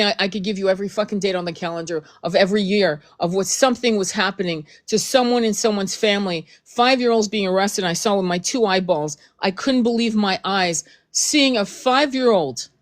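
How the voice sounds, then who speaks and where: Blunt, swearing woman ranting. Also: mid-range voice. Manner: blunt, profane, emphatic, repeats herself. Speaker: host. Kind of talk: heated casual commentary.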